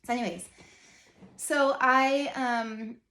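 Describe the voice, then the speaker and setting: A woman's voice: a little high, steady tone, takes it slowly, bright, forceful tone. 30s woman vlogging about her faith, chatty and earnest, lots of "like", bit of room echo. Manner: chatty, rambling, heavy use of "like", earnest. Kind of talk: casual personal storytelling.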